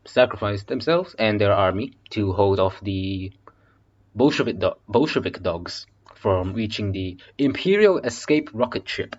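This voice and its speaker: A man's voice: on the low side, lively intonation, measured pace, highs cut off. A man reading an audiobook casually in a basement, breaking off for swearing, joking asides. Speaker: audiobook reader.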